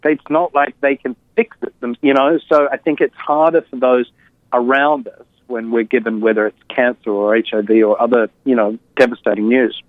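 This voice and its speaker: A man tells his story as an interview guest, candid and reflective, often pausing and restarting. His voice sits at an ordinary middle pitch. The sound is narrow and tinny, like a phone line, with no room echo. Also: steady tone. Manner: reflective, with frequent fillers and restarts.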